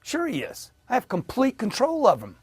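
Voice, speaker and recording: A man's voice: very high voice, huge pitch swings, normal speed, breathy edge, no room sound. A middle-aged man giving an emphatic motivational sales talk, acting out his talks with customers. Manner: emphatic, acts out customer dialogue. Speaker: sales trainer.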